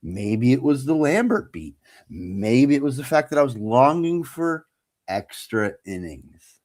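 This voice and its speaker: Lively man telling a story. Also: medium pitch, a little slow. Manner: animated storyteller, acts out quotes. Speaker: co-host. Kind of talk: casual chat, storytelling.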